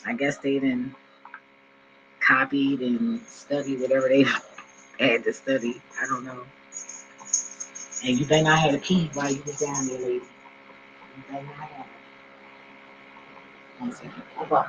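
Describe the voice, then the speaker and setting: A vlogger in his forties rambles casually to his audience at home, using slang and wandering off topic often. He talks at normal speed with a medium pitch that barely moves, pausing frequently. Background noise sits under a dull lo-fi recording.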